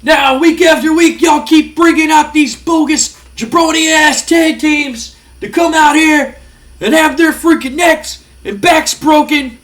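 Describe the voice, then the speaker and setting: A man putting on a brash, angry male wrestler cutting a loud, boastful promo. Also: extremely high pitch, measured pace, voice pushed up. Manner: shouting, boastful trash talk.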